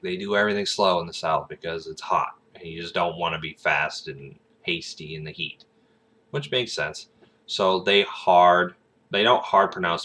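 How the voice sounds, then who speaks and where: A man's voice: sits low, sharp tone. A man vlogging about acting in a casual, rambling monologue full of fillers and laughter. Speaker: aspiring actor, vlogger.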